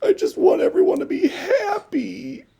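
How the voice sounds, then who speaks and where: Guy doing a sweet earnest steam car voice, higher than his own, gushy. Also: big pitch swings, unhurried, vocal fry, dark tone, full character voice. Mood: gushing. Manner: earnest, gushing. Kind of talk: comedic improvised voice acting.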